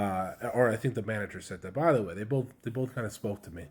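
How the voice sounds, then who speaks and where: A man's voice: on the low side, animated, fast, hardly any pauses, a little mellow, slightly rough. A man casually telling a personal story to camera, candid and chatty, with slang and lots of fillers. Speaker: vlogger sharing a personal story.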